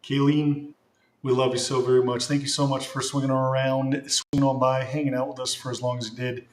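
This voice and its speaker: A man hosting a casual livestream, rambling with many fillers and thanking viewers warmly. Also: mid-range voice, little pitch movement, brisk. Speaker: livestream host. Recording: roomy echo.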